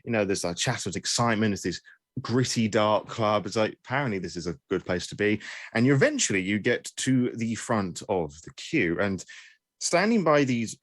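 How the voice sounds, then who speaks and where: Wry game master, low voice. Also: male voice, expressive, normal speed, dry recording. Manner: wry, self-mocking, with restarts. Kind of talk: narrating a tabletop game.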